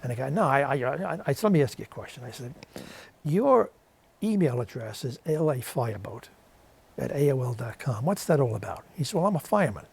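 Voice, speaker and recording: A man's voice: medium pitch, sing-song, fairly quick, gravelly, darkish tone, breathy edge. A man with a New York accent, a guest on a TV interview show, telling a story and acting out the voices of the people in it. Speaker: guest, interviewer of war veterans. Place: TV studio.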